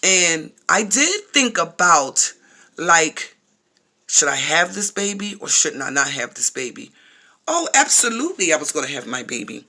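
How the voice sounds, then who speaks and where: A woman's voice: sits low, animated, measured pace, sharp tone. A woman telling her own story to her viewers in a casual vlog, blunt and emphatic, swearing freely. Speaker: vlogger.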